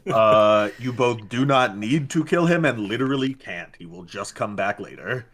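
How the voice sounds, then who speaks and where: A man chats casually as a player in a tabletop game. His low voice is a little husky and relaxed in delivery. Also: normal speed. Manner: laid-back, laughs easily.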